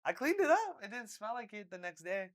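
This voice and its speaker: A young adult podcast co-host telling a story in casual chat, animated and full of swearing, acting out quotes loudly. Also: mid-range voice, brisk.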